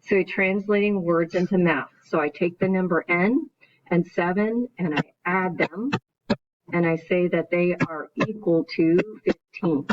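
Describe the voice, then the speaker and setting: A woman's voice: lowish voice, fairly even intonation, measured pace. Woman teacher explaining step by step. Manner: explains step by step, often checks with "right?". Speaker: math teacher. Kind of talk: recorded video lesson. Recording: dull lo-fi recording.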